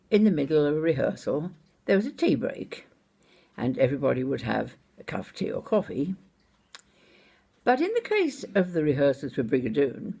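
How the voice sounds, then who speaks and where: Older scottish lady telling a story, slow and wry, a bit husky and gravelly. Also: deep voice. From Scotland. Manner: unhurried, wry and expressive. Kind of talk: spoken personal anecdote.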